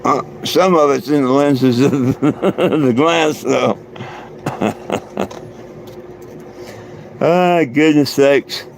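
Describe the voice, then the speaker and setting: Slow, gravelly-voiced man rambling on a livestream. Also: on the high side, slight background noise. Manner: loose and meandering, many fillers and restarts, chuckles often. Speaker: livestream host. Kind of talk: rambling casual livestream chat.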